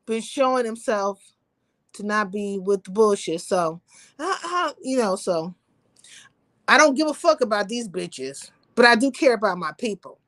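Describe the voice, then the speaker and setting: A livestream host launches into an impassioned rant at her viewers, emphatic, profane and preachy. Her voice sits high with a fairly bright tone, and there's no room sound.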